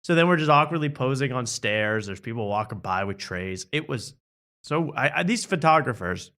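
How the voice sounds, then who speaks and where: Animated man telling a funny story. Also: medium pitch, normal speed. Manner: animated, self-mocking, acts out quotes. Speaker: host. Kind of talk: casual comedic storytelling.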